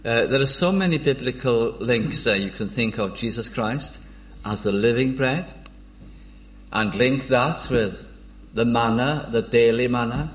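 Man, preacher, informal sermon, middle pitch, hesitant restarts, measured reading of old verses. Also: fairly bright tone. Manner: unhurried, with frequent hesitations and restarts.

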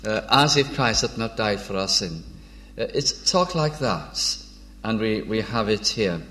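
A man preaching an informal sermon. He is unhurried, pauses often and restarts his phrases, and reads old biblical verses in a measured tone. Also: fairly low pitch, animated, pushed and bright. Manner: unhurried, with frequent hesitations and restarts.

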